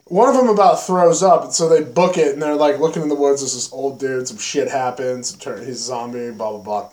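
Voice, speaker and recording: Animated man telling a story. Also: fairly high pitch, a little fast, roomy sound. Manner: animated, profane storytelling with acted-out exclamations. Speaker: podcast host. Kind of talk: casual chat.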